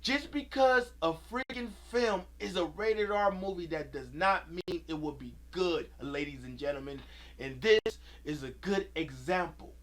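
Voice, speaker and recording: A man's voice: fairly high pitch, measured pace. A man giving an angry, profane rant about a movie, repeating himself as he vents. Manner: heated, profane, repetitive ranting. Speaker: video creator.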